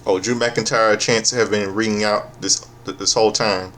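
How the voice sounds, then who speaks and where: A man's voice: fairly low pitch, fairly even intonation, normal speed, fairly bright tone, a little hiss or hum. A man giving a casual, profane, sarcastic recap of a wrestling show, often stopping and restarting his sentences.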